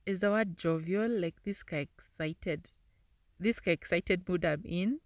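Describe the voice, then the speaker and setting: A woman's voice: lowish voice, normal speed, dry recording. Chatty woman podcaster, dry close mic. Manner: chatty, laughs often while reading aloud. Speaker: podcast host. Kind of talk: casual podcast reading and reflection.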